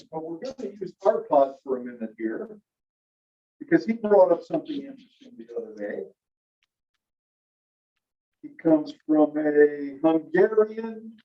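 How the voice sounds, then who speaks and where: A middle-aged man teaching a language class in a chatty, animated way, often asking the class questions. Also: fairly high pitch, lo-fi sound. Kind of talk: classroom lecture.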